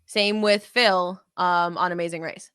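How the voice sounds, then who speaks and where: A woman's voice: on the low side, fairly even intonation, measured pace, a bit bright, clean tone, dry recording, clean studio sound. A woman co-hosting a casual chat, chatty and enthusiastic, laughing easily. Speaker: podcast co-host.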